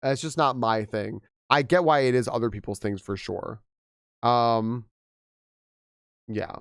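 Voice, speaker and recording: A young man chatting casually on a game stream, rambling and animated with frequent restarts, slightly hoarse from losing his voice. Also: mid-range voice, measured pace, dry recording, clean studio sound. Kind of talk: casual live-stream chat.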